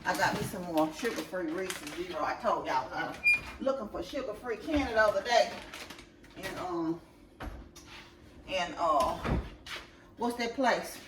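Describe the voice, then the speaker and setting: On the low side and expressive, this woman's voice is unhurried and full of pauses, picked up from a distance. She chats casually to her viewers at home while unpacking groceries, repeatedly addressing them directly, in an echoey room with background noise.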